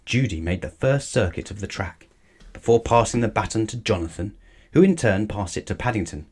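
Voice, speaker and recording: A man reading a children's storybook aloud with lively, expressive narration. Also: fairly low pitch, brisk, husky. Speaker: storybook reader.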